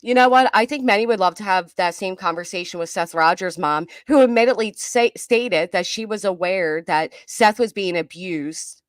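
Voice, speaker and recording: A woman's voice: mid-range voice, moderate pace, hardly any pauses, dry recording. Chatty woman reacting to a clip. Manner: chatty, reads viewer comments aloud. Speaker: commentary streamer. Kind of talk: live reaction commentary.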